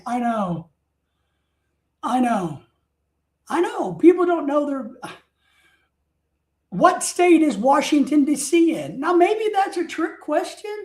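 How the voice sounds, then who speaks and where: High-voiced chatty man, roomy echo. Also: a little mellow. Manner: talkative, wanders off topic; exclaims in mock outrage. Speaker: streamer. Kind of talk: rambling casual storytelling.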